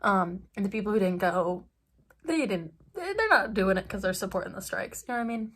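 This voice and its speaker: A woman's voice: mid-range voice, sing-song, brisk, a bit bright, slightly rough. Young woman vlogger, mid-range voice, chatty and rambling, phone-camera sound. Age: young adult. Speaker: study-abroad student vlogger. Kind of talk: casual vlog chat.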